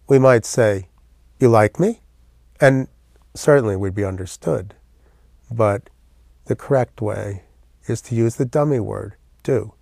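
Male language teacher, patient, step-by-step explanations, lowish voice, dry close sound. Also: warm tone, no echo. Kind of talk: classroom language lesson.

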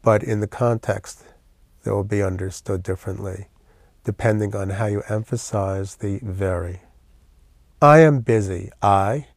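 A man leads a classroom language lesson, walking through each point patiently and using memory tricks. His voice sits on the low side. The sound is dry and close. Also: measured pace, no echo. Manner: patient, explains step by step with mnemonics. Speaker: language teacher.

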